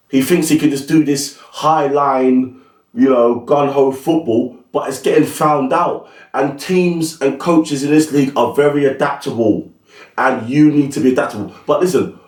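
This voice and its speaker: A man hosting a football talk channel, blunt and opinionated, with plenty of slang. His voice sits mid-pitch and sounds roomy, picked up from a little way off the mic. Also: darkish tone, distant mic. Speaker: football pundit, channel host. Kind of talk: casual solo commentary.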